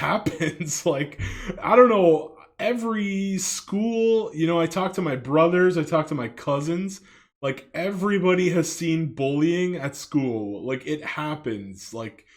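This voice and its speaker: Casual commentator: a man from Canada with a slightly higher voice, chatty, filler-heavy, rambling. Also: expressive, a little slow. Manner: loose and chatty, full of fillers and swearing. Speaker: video commentator.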